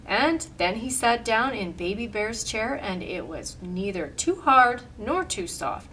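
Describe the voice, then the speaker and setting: Woman reading a storybook aloud, expressive. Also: on the high side, measured pace, hardly any pauses, distant mic, slight background noise. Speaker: storyteller and craft leader.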